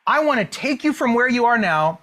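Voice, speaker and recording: A man's voice: very high-pitched, big pitch swings, fairly quick, pushed and bright, full character voice. A man voicing a friendly, wise little male sparrow who gives casual, coaxing, bro-like advice.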